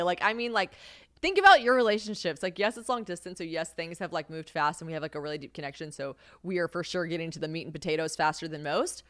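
A woman's voice: fairly low pitch, quick pace, no echo, clean studio sound. A young woman hosting her own podcast, talking candidly about her life in casual chat, swearing freely, laughing often and acting out quoted lines. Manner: candid and profane, animated, laughs often, acts out quoted voices. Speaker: podcast host.

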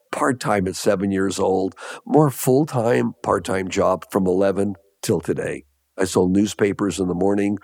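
A man's voice: fairly low pitch, a little mellow, no room sound, clean studio sound. An older man from Los Angeles, telling stories in an interview at a leisurely pace, repeating phrases for emphasis and chuckling. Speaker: guest, entrepreneur. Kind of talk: interview storytelling.

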